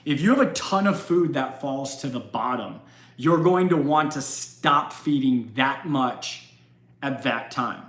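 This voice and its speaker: Male hobby host, casual emphatic livestream chatter, slow pacing, roomy echo. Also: medium pitch, fairly bright tone. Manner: emphatic, chatty, frequent restarts. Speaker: aquarium channel host.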